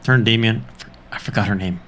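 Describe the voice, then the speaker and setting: A man's voice: lowish voice, a little fast. A man playing in a streamed tabletop game, eager and prone to repeating himself. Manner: eager, repeats words when excited. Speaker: player. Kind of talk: casual tabletop game play.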